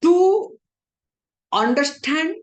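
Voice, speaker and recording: A woman's voice: extremely high pitch, expressive, drawn-out words. A woman with an Indian English accent teaching a spiritual philosophy class in a conversational tone, often asking her listeners whether they understand. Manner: conversational, rhetorical checks for understanding. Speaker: Vedanta teacher.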